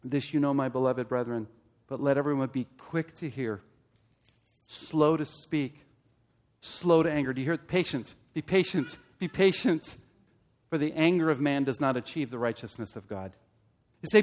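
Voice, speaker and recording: A man preaching a sermon as pastor, asking the congregation direct questions and building to loud, emphatic peaks. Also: medium pitch, moderate pace.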